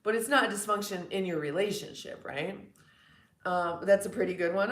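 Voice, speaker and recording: This woman in her forties has a New York accent and a mid-range voice, talking at a moderate pace in a roomy-sounding space. Hosting a livestream, she chats casually with viewers in a frank, blunt way and swears without a second thought.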